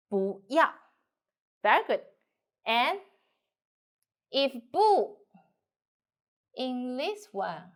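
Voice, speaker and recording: Woman teaching pinyin, super slow, bit high voice, repeats words. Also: a bit bright. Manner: drills words slowly with repetition and praise. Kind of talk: slow spoken language lesson.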